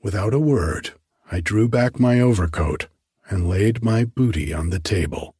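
A man reading a story aloud in a measured, earnest narration. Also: fairly low pitch, animated, dark tone, husky, no room sound.

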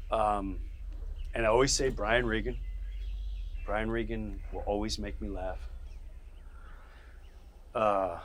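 A man hosting his podcast, telling stories in a casual monologue. He laughs as he goes and swings from loud bursts to quiet asides. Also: measured pace, long pauses. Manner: animated, laughs mid-story, jumps between loud bursts and low asides; acts out other people's voices. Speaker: podcast host.

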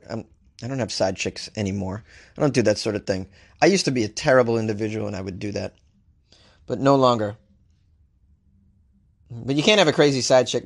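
A male comedian hosts a solo podcast, riffing on strange news with animated, joking asides. His voice sits in a middle range. The sound is dry and close, with no room around it. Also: mid-range voice, no room sound. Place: home studio, Los Angeles.

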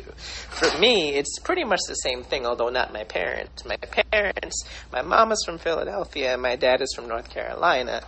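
A man's voice: mid-range voice, very animated, normal speed, creaky, few pauses, bright, forceful tone, a little hiss or hum, low-quality recording. A man hosting a casual discussion, rambling in long clauses as he thinks aloud.

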